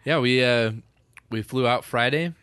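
A man's voice: mid-range voice, measured pace, a bit bright, clean tone, dry recording. A man co-hosting a podcast with his wife, chatting casually, joking and swearing freely. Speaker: podcast co-host. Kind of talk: casual chat.

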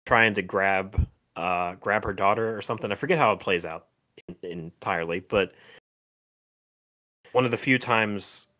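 A man's voice: lowish voice, pushed and bright. A man co-hosting a podcast, chatting casually with lots of fillers, restarts and little laughs. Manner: halting, many fillers and restarts, laughs often. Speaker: podcast co-host. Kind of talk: casual chat.

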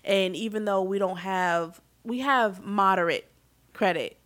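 A woman in her thirties casually telling a personal story, getting animated and loud at emotional moments. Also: mid-range voice, a little slow. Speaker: vlogger telling a family story.

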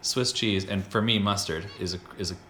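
A low-voiced American man hosts a relaxed chat and rambles with enthusiasm, doubling back and restarting his sentences. A faint hiss sits under the recording. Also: normal speed. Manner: rambling, self-interrupting, enthusiastic. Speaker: podcast host. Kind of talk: casual chat.

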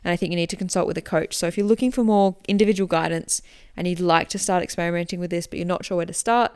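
Smooth low-voiced woman coaching. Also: quick pace. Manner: relaxed explanatory, chatty with fillers. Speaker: running coach and podcast host. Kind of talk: podcast listener Q&A.

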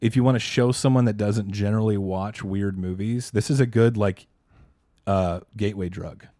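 A man's voice: lowish voice, steady tone, normal speed, mellow, dry recording, studio quality. A man co-hosting a podcast, asking wry questions and mulling a film over in casual, profane chat. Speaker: podcast co-host. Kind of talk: casual movie-review chat.

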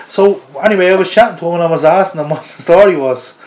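Irish man, podcast guest, slightly high voice, casual storyteller, laughs as he talks, roomy echo. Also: quick pace. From Ireland. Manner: chuckles through an animated anecdote. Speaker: interview guest. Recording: roomy echoey podcast audio.

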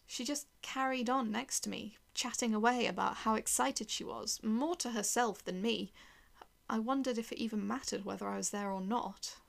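A woman's voice: a little high, moderate pace, vocal fry. A woman narrating a first-person horror story in a tense, dramatic way, sometimes dropping to a whisper.

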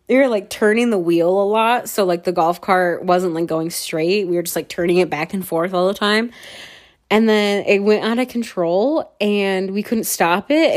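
A young woman in a casual storytelling monologue, chatty and self-deprecating. She laughs often, swears freely and leans on filler words, at a middle pitch. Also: darkish tone. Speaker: podcast host.

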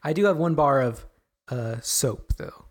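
A man's voice: medium pitch, expressive, a little slow. A man co-hosting a podcast in casual chat, hesitant and amused, with many fillers.

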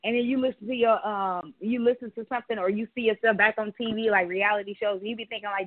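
A woman's voice: medium pitch, fairly even intonation, fast talker, few pauses, dry recording. A woman co-hosting a podcast, telling a story in candid casual chat and swearing freely. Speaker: podcast co-host. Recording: dry tinny phone-like audio.

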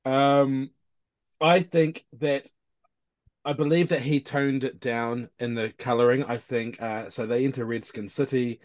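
Man from New Zealand, podcast co-host, mid-pitched, hesitant, dry recording. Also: steady tone, measured pace, no room sound. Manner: hesitant, thinks aloud. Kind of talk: casual chat.

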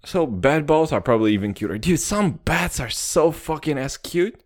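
A man's voice: fairly high pitch, lively intonation, moderate pace. A young man rambling through a casual solo podcast, jokey and full of swearing. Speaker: podcast host.

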